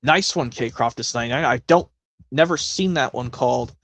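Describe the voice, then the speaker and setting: A man's voice: medium pitch, fairly quick, a bit bright, no echo. A man hosting a casual live stream, chatting in a rambling way with many self-corrections.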